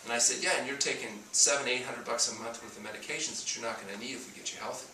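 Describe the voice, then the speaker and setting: A man with a bright, forceful voice lectures an audience and slips into acted-out dialogue as he tells his stories. He is recorded from a distance in an echoey room, with faint ambience underneath. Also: mid-range voice, steady tone, fast talker, a little hiss or hum. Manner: storytelling, acts out dialogue. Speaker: doctor giving a talk on fasting. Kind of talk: talk to an audience.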